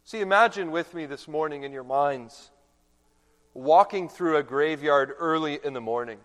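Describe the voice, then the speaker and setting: Slow, dramatic male preacher in reverb. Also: fairly high pitch. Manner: dramatic, swinging from hushed to loud proclamation. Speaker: pastor. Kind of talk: sermon. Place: large church hall. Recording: long church reverb.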